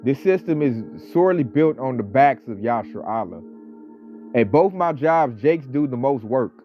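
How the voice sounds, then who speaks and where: A man delivering a casual ranting monologue, talking with animated, mocking energy and mimicking coworkers. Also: mid-range voice, moderate pace. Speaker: online commentator. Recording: slightly dull audio, faint background music.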